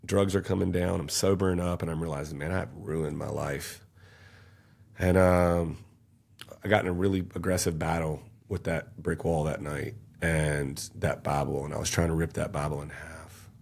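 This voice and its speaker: Low gravelly man telling his story. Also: little pitch movement, normal speed, darkish tone. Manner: intense, emotional storytelling, raising his voice at peaks. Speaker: podcast guest. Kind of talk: storytelling in a podcast interview.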